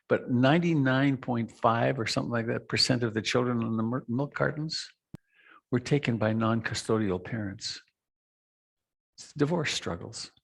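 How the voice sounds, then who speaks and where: A middle-aged man giving a reflective meditation talk, slow and soft, with long pauses and trailing lines. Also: medium pitch, vocal fry, breathy edge. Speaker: meditation teacher. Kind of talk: dharma talk.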